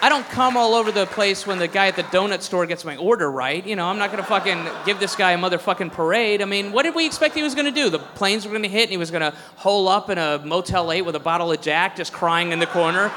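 A man's voice: sits high, fast, few pauses, background noise. A man doing a stand-up set, ranting in a profane, sarcastic way. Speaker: stand-up comedian. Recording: echoey hall with faint crowd.

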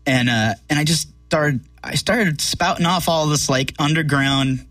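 A man's voice: on the high side, a little slow, a bit bright, no room sound, recorded from a distance, soft background music. Rambling man telling a story, mic set back. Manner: rambling, heavy on fillers, swears freely. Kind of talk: casual storytelling chat.

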